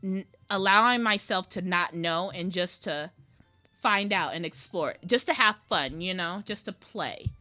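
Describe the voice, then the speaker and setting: A woman's voice: on the low side, unhurried, bright, forceful tone, faint music behind. A woman streaming her digital drawing process, chatting casually and rambling playfully as she talks to herself about each step. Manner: rambling, self-talking, playful. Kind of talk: casual live-stream chat while drawing.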